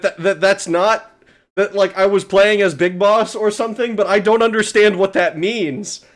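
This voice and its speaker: Excitable, slightly high-voiced male streamer. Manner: excitable, swears, stammers and laughs often. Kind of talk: casual livestream chat.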